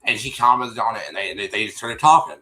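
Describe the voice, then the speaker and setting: A man's voice: fairly low pitch, fast talker, pushed and bright, low-quality recording. A man hosting a stream, casually retelling a TV episode to his viewers, rambling with many restarts and calling them y'all. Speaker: show host recapping an episode. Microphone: streaming setup microphone.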